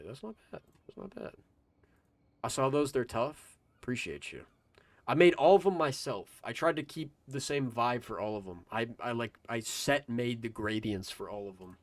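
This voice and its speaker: A man's voice: lowish voice, dry recording. A man streaming a video game live, rambling to his chat in a loose, casual way and swearing freely. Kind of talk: casual gaming stream commentary.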